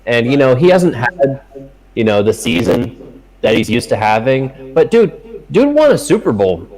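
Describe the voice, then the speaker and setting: A man's voice: mid-range voice, measured pace, crowd noise, low-quality recording. A young man co-hosting a casual sports betting chat, swearing often and telling stories animatedly. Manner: profane, animated storytelling. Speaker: podcast co-host.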